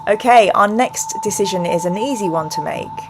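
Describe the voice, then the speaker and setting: A woman's voice: medium pitch, normal speed, music in the background. A woman hosting a live stream from home, chatting in rambling asides and reading an adventure book aloud. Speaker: host. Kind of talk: live-streamed gamebook play and chat.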